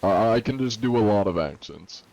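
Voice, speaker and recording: A man's voice: lowish voice, expressive, moderate pace, darkish tone. A 21-year-old American man streaming and joking sarcastically while answering questions from chat. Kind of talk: casual livestream chat.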